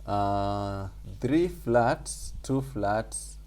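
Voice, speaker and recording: Slow, deep-voiced male music teacher. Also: lively intonation, darkish tone. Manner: patient, explains slowly with fillers and repetition. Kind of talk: online group class lesson. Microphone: video call.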